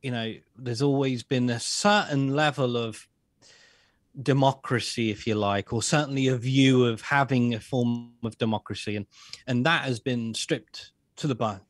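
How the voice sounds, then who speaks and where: A man's voice: medium pitch, fairly even intonation, moderate pace, no room sound. Man, podcast guest, sarcastic and repetitive, dry close sound. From England. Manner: sarcastic, repeats himself while building a point. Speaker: guest, author and social commentator. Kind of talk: casual podcast conversation.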